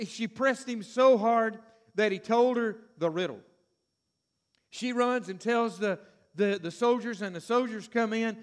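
A man preaching a sermon, retelling a story with animated, sudden shouts and acted-out voices. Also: very high voice.

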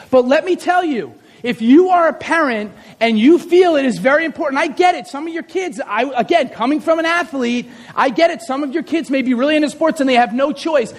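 A man's voice: extremely high pitch, in a large hall. A man preaching a sermon as pastor, talking conversationally and building to emphatic appeals, in a church sanctuary.

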